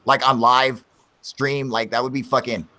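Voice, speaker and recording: A man's voice: medium pitch, little pitch movement, a little slow, bright, forceful tone. A young man hosting a live stream, chatting casually with lots of swearing and "dude". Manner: profane, laid-back, says dude a lot. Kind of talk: casual chat.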